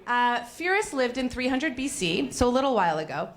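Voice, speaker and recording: A woman's voice: a little high, very animated, a little fast. A young adult woman from Canada gives a candid, self-mocking storytelling talk on stage about her own failures, swearing freely. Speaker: speaker at a failure-stories event.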